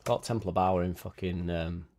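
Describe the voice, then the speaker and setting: A man's voice: low voice, fairly even intonation, moderate pace, a little mellow. A man hosting a casual live stream, reading out chat and swearing freely as he talks. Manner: swears freely, chatty, tag questions like innit. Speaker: fan channel host reading live chat.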